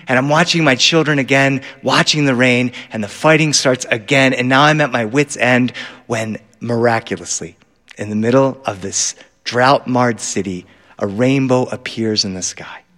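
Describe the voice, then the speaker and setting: A middle-aged man telling a story live, animated, acting out voices and bursting into shouts. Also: medium pitch, normal speed. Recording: live hall reverb.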